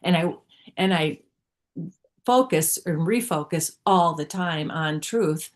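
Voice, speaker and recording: A middle-aged woman tells her own story on a video call, slightly low-pitched and earnest. She talks in a halting way, often stopping to restart her sentences. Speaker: guest speaker sharing testimony. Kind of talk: personal testimony in an online group.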